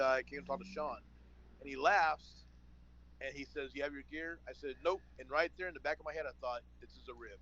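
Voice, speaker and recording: A man's voice: mid-range voice, a bit bright, muffled recording. A man from San Antonio, a former wrestler and podcast guest, telling a story casually and acting out the phone calls in it. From San Antonio, Texas.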